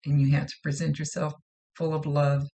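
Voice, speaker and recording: A woman's voice: sits low, little pitch movement, normal speed, creaky, dark tone. A woman psychic medium giving a casual spirit reading in a chatty, self-deprecating way, often repeating herself.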